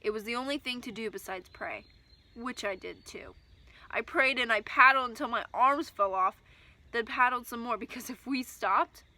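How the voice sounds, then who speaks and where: Bright-voiced woman reading a story aloud. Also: fairly high pitch, no room sound. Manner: expressive, lively storytelling with shouted dialogue. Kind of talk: reading a first-person children's story aloud.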